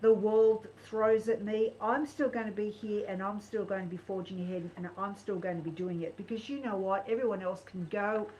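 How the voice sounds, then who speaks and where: A woman's voice: mid-range voice, normal speed, hardly any pauses, dull audio, slight background noise. Earnest woman reading tarot. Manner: earnest, encouraging, animated. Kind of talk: tarot reading on a live stream.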